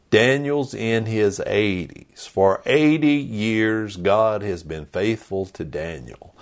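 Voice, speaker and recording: Very slow, low-voiced male preacher. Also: vocal fry. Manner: dramatic pauses, emphatic repetition, occasional whispered emphasis. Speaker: pastor. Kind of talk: sermon.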